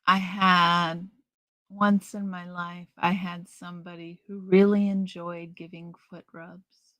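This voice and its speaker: Middle-aged woman host, unhurried and rambling, bright tense tone, dry close sound. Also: fairly low pitch, level tone, no room sound. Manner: chatty, slow, rambling with restarts. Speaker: live stream host. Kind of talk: casual live stream chat, reading out viewer comments.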